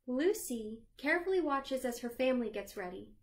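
A woman librarian reading a picture book aloud to children, gently asking them questions along the way. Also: high-pitched, big pitch swings, moderate pace. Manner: sings the chorus lines in a lilting voice.

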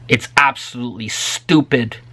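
A man's voice: mid-range voice, moderate pace, bright, forceful tone. A middle-aged man, a guitar maker, speaking unscripted to camera in an impassioned, ranting way, repeating words for emphasis. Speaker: guitar maker selling stands.

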